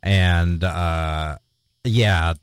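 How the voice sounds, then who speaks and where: A man's voice: low-pitched, very slow, clean tone, dry recording, studio quality. A man co-hosting a casual chat in a laid-back, agreeable way, often answering with short "yeah"s. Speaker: podcast co-host.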